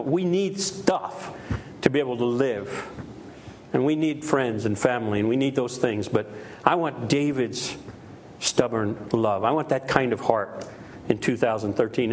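A man's voice: medium pitch, a little hiss or hum. A middle-aged man preaching a sermon with emphasis, repeating key phrases and acting out quoted voices. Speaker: pastor.

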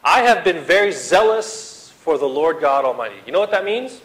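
Dramatic preaching man, loud to hushed. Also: a little high, sing-song, moderate pace, slight background noise, poor audio. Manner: dramatic, swings from loud to hushed, acts out quotes. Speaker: pastor. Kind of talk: sermon.

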